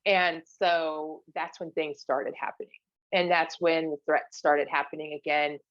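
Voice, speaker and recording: A woman's voice: low voice, steady tone, unhurried, a bit bright, no room sound, highs cut off. A woman guest on a podcast telling her own story in a candid, casual way, with many fillers and restarts as she quotes the people around her.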